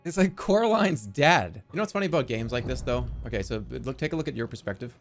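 A man streaming a game, joking around in goofy banter that swings from mumbling to yelling. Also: mid-range voice, expressive, fast, soft background music. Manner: playful, jumps from mumbling to yelling.

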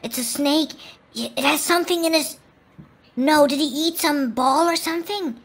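A woman hosting a reaction video, excitable, gasping and laughing with constant exclamations over the clips. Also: sits high, moderate pace. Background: clip sound and music playing.

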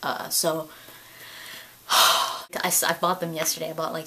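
A woman in her late twenties talks straight to camera in a relaxed home vlog, her voice sitting a little low for a woman. She rambles, stumbles over repeated words and breaks into laughter as her stories build. A faint hiss of noise runs under the recording. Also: a little slow, pauses often, rough recording. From California. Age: 20s. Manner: excitable storytelling, gushing, laughs often, repeats words. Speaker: vlogger. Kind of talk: casual chat to camera.

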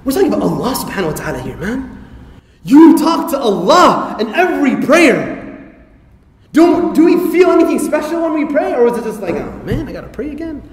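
A man giving a lively religious talk to an audience, full of rhetorical questions and playful asides. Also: very high-pitched, a little fast. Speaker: Islamic lecturer. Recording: echoey hall reverb.

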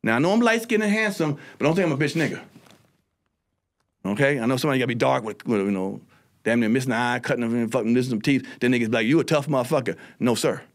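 A man telling a story on a podcast, swearing and animated, acting out his own quotes. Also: medium pitch, fast. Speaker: comedian guest.

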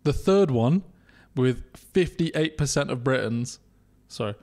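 A man's voice: medium pitch, animated, slow pace, darkish tone. A young man co-hosting a podcast, teasing his friend, laughing often and reading out survey figures in casual chat. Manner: teasing, laughs a lot, reads out survey stats. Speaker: podcast co-host.

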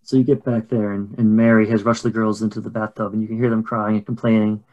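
A man narrating a tabletop horror game as game master, in a measured, descriptive way. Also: lowish voice, little pitch movement, lo-fi sound.

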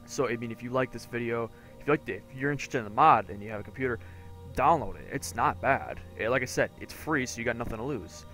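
A man chatting casually over a game playthrough, crude and rambling with plenty of swearing. His voice sits in an ordinary middle pitch. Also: fast talker, fairly bright tone, faint music behind. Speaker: gamer commentating a playthrough. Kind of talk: casual let's-play commentary.

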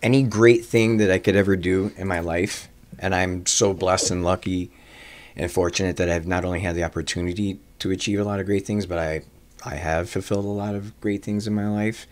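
Deep-voiced man telling long anecdotes. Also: steady tone, fairly quick. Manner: long anecdotes with frequent "uh" fillers and restarts; swears casually. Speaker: restaurateur guest. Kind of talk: personal storytelling in conversation.

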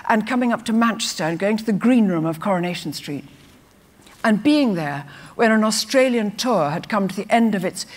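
An older woman, an actress, telling lively anecdotes on stage and acting out quotes. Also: mid-range voice. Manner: lively storyteller who acts out quotes. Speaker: guest actress. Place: festival stage before an audience. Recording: reverberant live hall.

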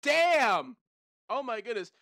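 Young gamer freaking out over a trailer, sharp bright voice, super lively, dry close mic. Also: mid-range voice, slow, no echo. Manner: hyper, shouts and laughs, lots of "bro" and "oh my gosh". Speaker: gaming channel host. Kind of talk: excited trailer reaction.

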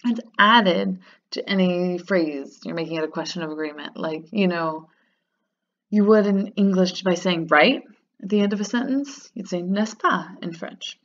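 A woman teaching a grammar lesson in a lower-pitched voice. She stays upbeat and patient, slowing down to repeat words. The recording sounds dull and lo-fi. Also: fairly bright tone. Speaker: French teacher.

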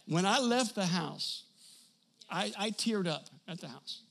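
A man preaching a storytelling sermon to a live congregation, animated, acting out dialogue and building to bursts of laughter and shouting. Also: fairly high pitch. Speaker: pastor. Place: church service before a congregation.

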